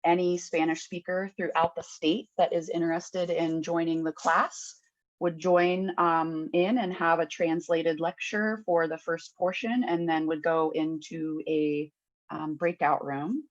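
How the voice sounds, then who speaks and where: A woman's voice: deep voice, little pitch movement, a little slow, highs cut off. A woman presenting a farming course on a video call over Bluetooth earbuds, chatty with lots of fillers. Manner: chatty, filler-heavy, loses her words. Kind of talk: online meeting presentation.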